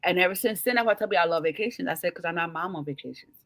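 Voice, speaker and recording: A woman's voice: lowish voice, rapid-fire. A woman hosting a book club chat, talking expressively and with enthusiasm. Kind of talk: casual chat.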